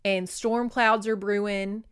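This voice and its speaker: A woman's voice: medium pitch, flat delivery, slow pace, clean tone. Chatty, profane woman recapping a book. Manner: chatty and profane, with lots of "like" fillers. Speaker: podcast host.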